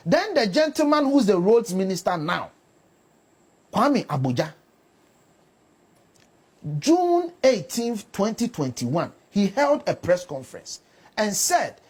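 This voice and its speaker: A woman's voice: on the high side, darkish tone, slightly rough. A woman with a Ghanaian English accent, arguing hard on a political panel, lecturing and repeating words for emphasis. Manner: combative, lecturing, emphatic repetition. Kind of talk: heated political debate.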